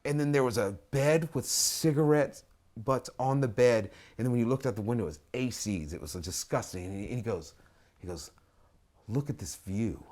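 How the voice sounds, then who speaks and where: Animated, profane man telling a story. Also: mid-range voice, brisk. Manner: animated, profane, swings between mumbling and loud acted quotes. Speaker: artist telling a story as interview guest. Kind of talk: casual storytelling. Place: lives in Atlanta.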